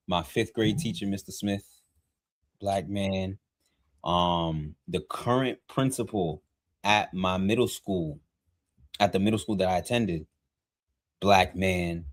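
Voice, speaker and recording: A man's voice: deep voice, unhurried, long pauses, dry recording, clean studio sound. A man co-hosting a podcast who also coaches workshops, speaking in a reflective, casual way with frequent brief affirmations. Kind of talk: casual conversation.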